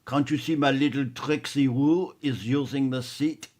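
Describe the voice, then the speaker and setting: A haughty woman with a French accent, as a man puts her on sounds shrill and scornful. Her voice sits well above the performer's own and comes out loud and sneering. It is a comic put-on voice inside a told joke. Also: fairly even intonation, normal speed, natural voice. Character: haughty rude woman traveling with a poodle.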